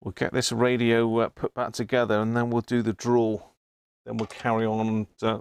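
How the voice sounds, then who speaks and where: A man's voice: fairly low pitch, flat delivery, brisk, smooth, dry recording. A man hosting a live stream, chatting casually and muttering to himself while repairing a radio. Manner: chatty, self-deprecating, muttering while working.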